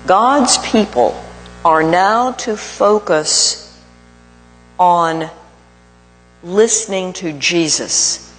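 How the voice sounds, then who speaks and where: A male preacher delivers his sermon at an unhurried, measured pace, leaning on pauses for emphasis. His voice rings out with a long reverb, as in a large hall. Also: sits high, fairly bright tone, soft background music.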